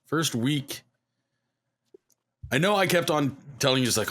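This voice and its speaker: A man's voice: mid-range voice, animated, normal speed, long pauses, fairly bright tone. A man from Canada, co-hosting a podcast and chiming in casually with a friend. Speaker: podcast co-host. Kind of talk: casual chat.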